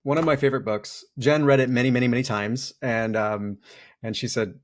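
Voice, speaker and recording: A man's voice: medium pitch, brisk. A middle-aged man speaking as a podcast guest, reflective and candid, who tells stories and acts out quotes playfully. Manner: animated storytelling with playful acted-out quotes. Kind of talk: reflective interview talk.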